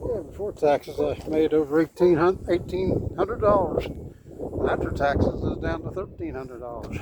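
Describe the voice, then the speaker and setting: Brief: man with a slightly high voice, plain matter-of-fact chat, outdoors with loud wind. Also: moderate pace. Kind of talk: casual chat while walking. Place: outdoors in a park on a cold windy day.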